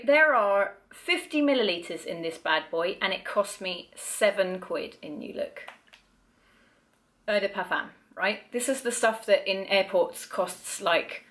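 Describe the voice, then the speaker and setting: A woman's voice: medium pitch, fairly bright tone. A young woman reviewing makeup and perfume in a casual vlog, chatty and blunt, swearing freely and poking fun at herself. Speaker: beauty vlogger.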